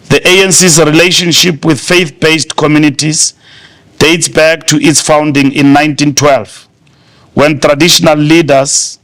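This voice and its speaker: A middle-aged man with a South African accent delivering a formal prepared speech at a conference, measured and stately, with deliberate pauses. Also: fairly high pitch, fairly bright tone. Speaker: party official giving a speech. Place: conference hall.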